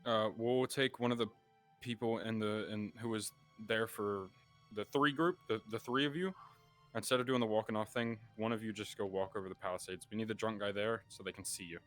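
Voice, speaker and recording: A man with a fairly low voice runs a roleplay session and tells players where to stand. His directions come out halting, with plenty of fillers. Soft music sits under his talk. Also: steady tone. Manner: halting, with many fillers and restarts. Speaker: game master directing players. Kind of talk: casual instructions in a roleplay session.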